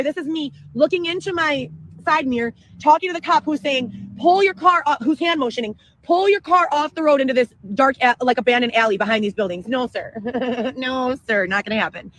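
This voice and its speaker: A woman telling a long profane story in an excitable livestream rant. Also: high-pitched, brisk, poor audio. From Chicago area, Illinois. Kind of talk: ranting livestream monologue.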